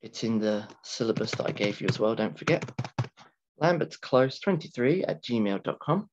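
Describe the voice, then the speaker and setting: A man teaching an English grammar lesson to students, talking slowly and deliberately, repeating key words and stretching them for emphasis. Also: medium pitch, animated, a little hiss or hum. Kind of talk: recorded classroom grammar lecture. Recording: dull lo-fi lecture recording with keyboard typing.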